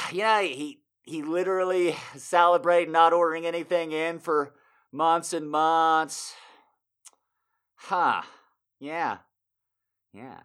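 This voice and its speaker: A man with a high, bright voice tells a rambling comic story, his pitch leaping all over the place. He swears freely and breaks into loud shouted and sung bits before dropping back to a mutter. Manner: animated, profane, bursts into loud sung and shouted asides. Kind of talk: comedic storytelling monologue.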